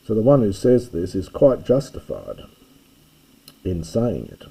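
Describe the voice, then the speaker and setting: An older man teaching a classics lesson, reading an ancient text line by line and explaining each word slowly and carefully. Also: on the low side, wildly swooping pitch, gravelly, dark tone, breathy edge, low-quality recording.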